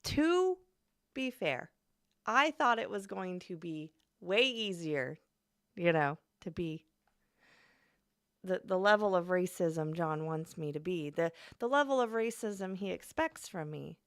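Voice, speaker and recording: A woman's voice: fairly low pitch, animated, slow. A woman streamer chatting casually, giggly and rambling, often trailing off.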